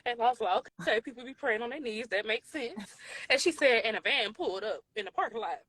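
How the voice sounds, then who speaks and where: A bright, slightly high woman's voice with a drawl, in her twenties. She tells a long story in an animated, casual way and slips into the voices of the people in it. Her tone is clear and lively, with a touch of edge. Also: brisk, dry recording. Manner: animated, acts out quoted voices, Southern US slang. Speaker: podcast co-host telling a story. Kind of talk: casual storytelling on a live show.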